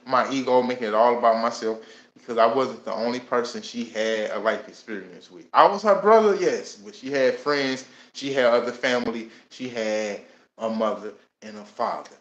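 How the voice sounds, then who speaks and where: A man in his thirties telling his own life story in a casual, animated way, acting out what he and others said. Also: mid-range voice. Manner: casual and animated, with many laughs and voiced asides. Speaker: host. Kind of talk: personal storytelling. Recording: echoey room.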